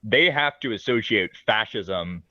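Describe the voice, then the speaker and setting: A man with a very low voice talks animatedly in a casual podcast discussion, laughing easily and thinking aloud. His mic sounds dry and a little dull. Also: expressive, a little slow, pushed and bright, no echo.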